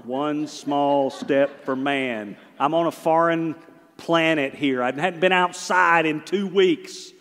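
Preaching man in a reverberant hall. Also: high-pitched. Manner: preaching with swings from loud to hushed. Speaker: pastor. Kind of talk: sermon.

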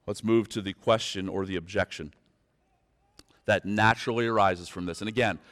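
A man preaching a sermon as pastor, turning from quiet, slow reflection to loud, fervent pleading with his listeners. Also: fairly low pitch, fairly even intonation. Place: church sanctuary. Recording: long hall reverb.

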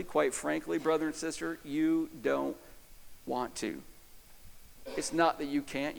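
A man with a high, bright-toned voice delivers a sermon as pastor, pressing his points with emphasis. He swings from loud, stressed phrases down to hushed, close appeals. His voice rings out with a long hall reverb around it. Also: gravelly.

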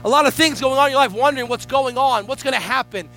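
A man's voice: very high-pitched, quick pace, pushed and bright, a little hiss or hum, rough recording. A man preaching a sermon as a guest pastor, fervent, with rising call-outs to the church.

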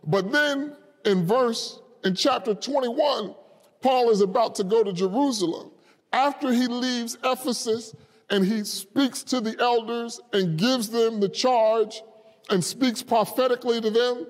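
A man preaching a sermon with passion, rising to shouts at the high points. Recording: long hall reverb.

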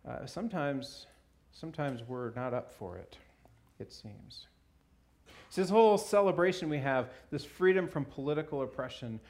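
Man preaching with a funny story. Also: mid-range voice. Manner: animated storyteller, chuckling through his own anecdote. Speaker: pastor. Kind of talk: sermon with a humorous personal story.

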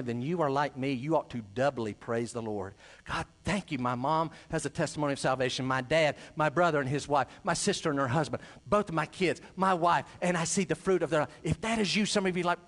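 A male pastor preaching a sermon, swinging between loud emphasis and quiet asides. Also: mid-range voice, fast.

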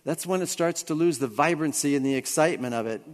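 A man preaching a sermon, telling a personal story with lively swings between hushed and excited delivery. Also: on the high side, fast, long reverb tail. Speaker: pastor.

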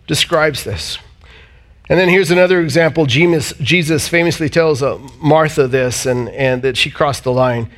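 A man preaching a sermon as pastor, swinging between loud emphatic peaks and low, quiet passages. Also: moderate pace.

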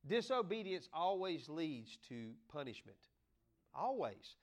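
A man preaching a folksy, humorous sermon with sudden loud bursts. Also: fairly high pitch, big pitch swings, measured pace. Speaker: pastor.

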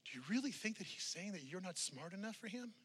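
A man's voice: sits high, lively intonation, fast talker, a bit bright, slightly rough. A male pastor preaching a sermon to a congregation in a church, driving his point home with strings of repeated rhetorical questions.

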